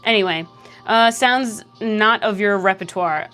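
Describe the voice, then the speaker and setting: A woman's voice: mid-range voice, moderate pace, a bit bright, faint music behind. A young Canadian woman with a Canadian accent, chatting casually on a livestream, reading out chat and answering with teasing sarcasm. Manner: sarcastic, teasing, swears freely.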